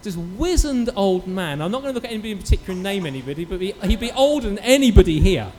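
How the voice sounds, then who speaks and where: A man preaching a sermon in church, telling a story with lively acted-out quotes. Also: sits high, very fast, long reverb tail, slight background noise. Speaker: pastor.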